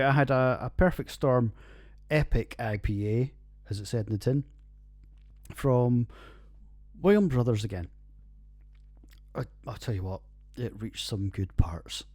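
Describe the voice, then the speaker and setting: A man's voice: medium pitch, a little mellow, husky, no room sound. A Scottish man in his forties hosting a podcast, reviewing beers in a rambling, sweary, casual monologue and laughing at his own jokes. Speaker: podcast host. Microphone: computer recording.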